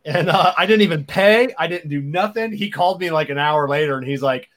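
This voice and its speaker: A man's voice: fairly high pitch, a little fast, few pauses, fairly bright tone. A man telling a story in casual chat, repeating his first words as he stammers into sentences.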